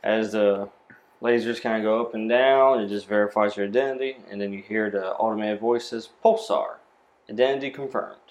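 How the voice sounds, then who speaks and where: A man narrating a tabletop role-playing game as game master, describing scenes in a relaxed way with fillers. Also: lowish voice, fairly quick.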